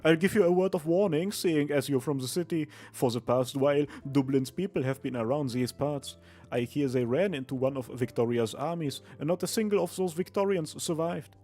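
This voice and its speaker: A man's voice: fairly high pitch, normal speed, dark tone, faint music behind, close to an everyday voice. A man voicing a weary, guilt-ridden rural villager in a put-on Irish accent while reading a game story aloud. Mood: resigned.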